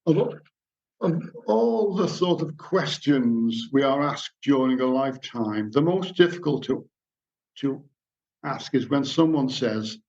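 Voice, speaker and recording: A man in middle age lectures to a society gathering, weaving anecdotes into his talk and reading passages aloud. His voice sits at an ordinary pitch. The recording is dull and lo-fi. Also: expressive, slow, a little mellow. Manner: storytelling, reads passages aloud.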